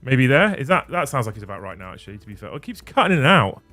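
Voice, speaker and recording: A man's voice: mid-range voice, very animated, racing, pushed and bright, soft background music. A man hosting a livestream, chatting casually and swearing freely as he fixes his audio settings. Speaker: livestream host. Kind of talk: casual stream chat. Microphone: studio mic on a desk mixer.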